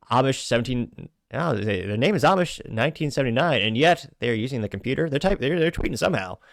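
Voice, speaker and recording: A man's voice: medium pitch, lively intonation, a little fast, gravelly, no echo, clean studio sound. A man hosting a show, reading viewer comments aloud with wry asides in between. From United States. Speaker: show host.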